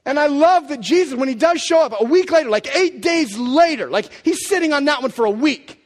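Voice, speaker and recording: A middle-aged man preaching a sermon, his voice sitting high and swinging widely as he goes. He talks casually and acts out the people in his stories. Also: fairly quick, long reverb tail. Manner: animated, acts out quotes of Bible figures. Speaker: pastor.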